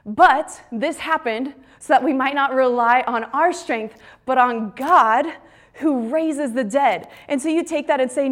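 A woman's voice: sits high, a little slow. A young adult woman giving a fervent, emphatic devotional talk at a retreat. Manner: fervent, emphatic preaching that ends in soft prayer. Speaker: retreat speaker.

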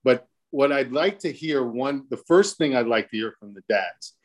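A man's voice: mid-range voice, lively intonation, normal speed. Rambling, jokey male panel moderator. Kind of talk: casual panel discussion.

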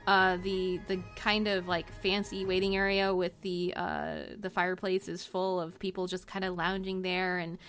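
A woman's voice: lowish voice, level tone, normal speed, few pauses, fairly bright tone, faint music behind. Rambling woman game master. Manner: rambling, many fillers and restarts. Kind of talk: narrating a tabletop game.

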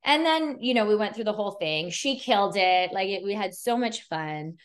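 A woman's voice: mid-range voice, expressive, normal speed. A woman photographer chatting as a podcast guest. She tells stories casually, with lots of fillers, and slips into the voices of the people she describes. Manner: chatty, filler-heavy, retells scenes with quoted dialogue. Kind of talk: casual storytelling chat.

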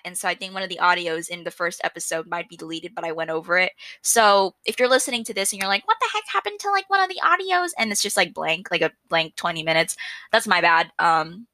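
A young woman rambles through her own podcast with loud, excited energy and a habit of laughing at herself. Her voice is bright and forceful but sits a little low. She is recorded close on a microphone in a dry room. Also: a little fast, no echo. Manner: chatty, loud and excitable, self-mocking. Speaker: podcast host. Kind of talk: casual solo podcast chat.

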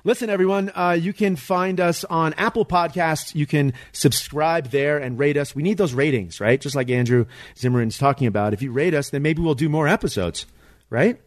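A man's voice: on the high side, moderate pace, dry recording. Chatty male podcast host, dry close sound. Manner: chatty, joking, reads ads loosely. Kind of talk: casual podcast chat.

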